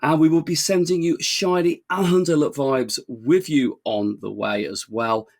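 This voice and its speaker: English man, podcast co-host, slightly raised pitch, husky, jokey and laughing, reads plugs. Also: a little slow. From England. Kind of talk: casual podcast chat.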